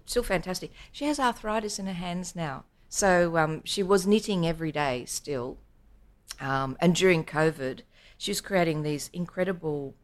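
A middle-aged woman with an Australian accent, a guest telling family stories in an animated way and acting out the quotes. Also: sits low. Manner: animated storyteller, acts out quotes. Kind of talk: storytelling in casual chat.

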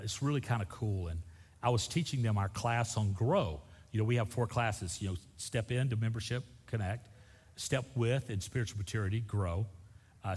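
A middle-aged man preaching a sermon as pastor, emphatic, swinging from loud bursts to soft asides. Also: fairly low pitch, slightly rough. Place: church sanctuary. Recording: long church hall reverb.

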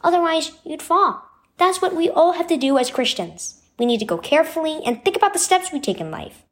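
A woman voicing a patient mother who gently teaches her son in a devotional story. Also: high-pitched, lively intonation, fairly quick, voice pushed up. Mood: gentle. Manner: patient, instructive.

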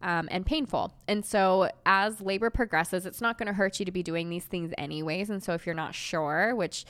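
A woman's voice: fairly low pitch, moderate pace, fairly bright tone, smooth. A young woman hosting a solo podcast, talking in a reassuring, conversational way with plenty of ums and likes. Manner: conversational, reassuring, filler-heavy. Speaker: podcast host.

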